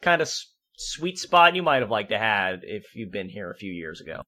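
Casting: man from Canada, game master, chatty narration with filler words, bright edgy tone. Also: on the low side, big pitch swings, fairly quick. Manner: casual narration with frequent fillers.

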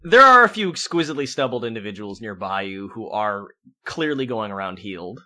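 Casting: man from Canada, game master, chatty narration with filler words, bright edgy tone. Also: on the low side, big pitch swings, fairly quick. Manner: casual narration with frequent fillers.

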